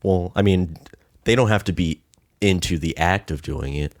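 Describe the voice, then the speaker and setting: A man's voice: deep voice, normal speed, no room sound. A man co-hosting a podcast, tossing in dry joking asides in casual chat. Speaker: podcast co-host.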